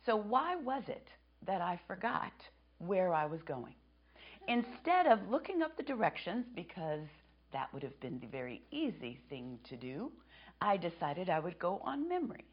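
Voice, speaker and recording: A woman in her fifties giving a sermon as a guest preacher in a church, speaking softly and reflectively and dropping to a whisper on key phrases. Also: on the low side, very animated, normal speed, breathy edge. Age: 50s. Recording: dull lo-fi sermon recording.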